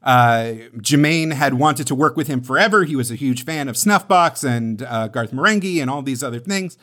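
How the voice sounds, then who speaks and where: A man's voice: medium pitch, normal speed, fairly bright tone. A man co-hosting a casual chat podcast, rambling and self-deprecating with many fillers. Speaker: podcast co-host.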